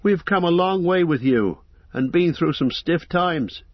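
Storybook role: man playing a loyal young hobbit, earnest and a bit higher, husky, dull recording. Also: lively intonation, unhurried, no echo.

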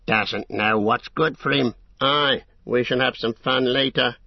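A man's voice: medium pitch, fairly even intonation, a little slow, no room sound, pitched above the performer's own voice. A man doing mocking, jeering orcs. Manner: mocking, sneering. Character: jeering band of male orcs. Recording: dull, muffled audiobook recording.

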